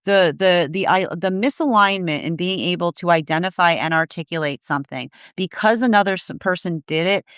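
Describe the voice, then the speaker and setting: A woman's voice: medium pitch, fairly bright tone, smooth, no echo, clean studio sound. A woman giving a live tarot energy reading, searching for words, restarting often and tagging points with a questioning "right?". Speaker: tarot reader.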